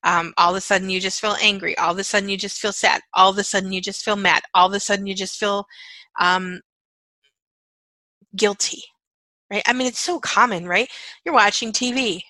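A woman's voice: mid-range voice, steady tone, a little fast, bright, forceful tone, dry recording, poor audio. A woman leading a guided self-help talk. She uses chant-like repeated phrases and a conversational style that often checks in with "okay" and "right.". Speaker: energy-clearing facilitator.

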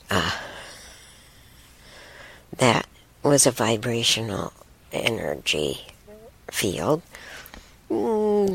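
A woman telling a personal story and teaching about spirits slowly, with halting pauses and a voice that slips into a breathy whisper. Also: low voice, pushed and bright. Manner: drifts into a breathy whisper often; halting, with many restarts and pauses.

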